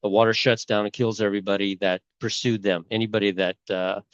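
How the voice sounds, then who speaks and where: A man's voice: fairly low pitch, flat delivery, a little fast, smooth, no echo, muffled recording. A middle-aged man talking casually and rambling, with many fillers and restarts, as a channel host. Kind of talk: casual talk on bible timelines.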